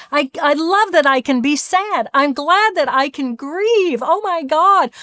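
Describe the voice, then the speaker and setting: High-voiced emphatic woman, dry sound. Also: dry recording. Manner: emphatic, expressive, often softens to a hushed voice. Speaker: guest. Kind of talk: podcast interview conversation.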